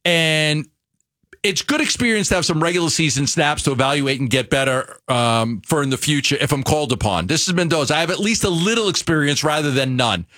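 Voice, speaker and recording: A man with a New York accent co-hosting a sports radio show, talking casually in an animated, halting way with many restarts. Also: fairly high pitch.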